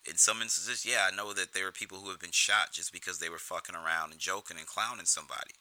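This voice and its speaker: A man's voice: sits low, fairly even intonation, fast talker, bright, forceful tone, no room sound, low-quality recording. A man giving casual film commentary in a profane, rambling way, often restarting his sentences.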